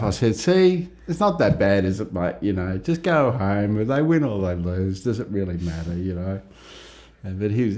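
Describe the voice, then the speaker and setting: A middle-aged Australian man telling a rambling, lively story in a casual interview. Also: fairly low pitch. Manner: rambling, animated, laughs at own story. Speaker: interviewee, psychiatric ward worker.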